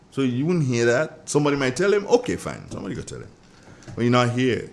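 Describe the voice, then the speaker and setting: A middle-aged man with a Grenadian accent hosting a morning radio show, chatty and joking as he sends shout-outs to listeners. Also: mid-range voice, very animated, fast talker, slight background noise. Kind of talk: casual morning radio chat.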